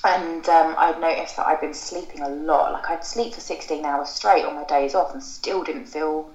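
Woman, 30s, podcast guest; lowish voice, chatty and rambling, recorded roomy and lo-fi. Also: steady tone, normal speed, darkish tone. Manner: chatty storytelling, rambling with fillers and self-corrections. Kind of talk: casual podcast chat. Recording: roomy, dull lo-fi sound.

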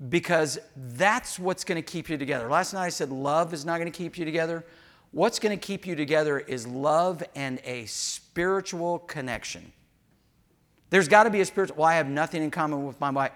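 A pastor man delivers a sermon in a church, his voice bright and lifted slightly above the usual male range. He talks candidly to his people and breaks into humorous asides, acting out little snatches of dialogue along the way. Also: fairly high pitch. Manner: candid, joking asides with acted-out quotes.

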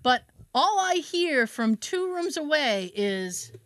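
A woman telling a funny story in casual chat, acting out the people in it with lively voices and frequent laughter. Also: sits high, slow pace, slight background noise. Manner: animated, acts out quotes in shifting voices, laughs often. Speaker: podcast co-host telling a story.

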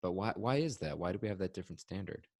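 A man asking quiet, thoughtful questions in conversation. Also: sits low, expressive, fast talker.

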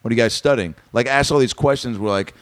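A man's voice: medium pitch, fast, no echo. A man on a comedy podcast, telling a rambling story and acting out the voices of the people in it. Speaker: comedian guest.

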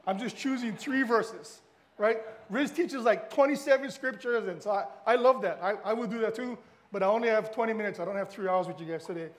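A man's voice: high-pitched, brisk. A middle-aged man from Hawaii with a Hawaiian accent, a guest pastor giving a casual, chatty sermon to the congregation.

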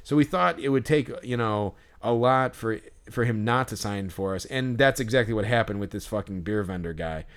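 A man's voice: lowish voice, moderate pace, few pauses, clean tone. A man co-hosting a podcast who tells a story in casual chat, rambling with many fillers and swearing freely. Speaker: podcast co-host.

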